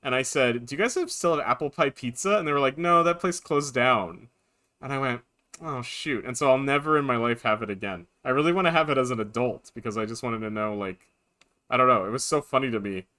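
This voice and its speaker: A man streaming a video game live, chatting casually and rambling through animated anecdotes. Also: medium pitch, brisk.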